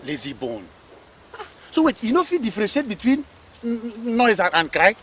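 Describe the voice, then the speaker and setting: A man's voice: sits high, huge pitch swings, a little fast, breathy edge, full character voice, poor audio. An actor with a Nigerian accent playing a man coaxing a friend, with a stammering manner. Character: scheming man urging a friend on. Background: loud music.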